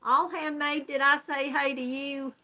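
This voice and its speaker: A woman's voice: high-pitched, little pitch movement, measured pace, sharp tone. An older woman with a Southern American accent, hosting a casual crochet livestream and chatting folksily with viewers, often laughing. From Georgia, US South. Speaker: crochet channel host.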